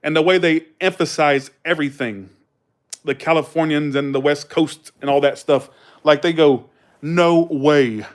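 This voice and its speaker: Fairly high in pitch, with fairly even intonation and a normal pace, this man hails from the Southern United States. He rambles casually on a live stream, telling stories with a Southern accent and plenty of swearing.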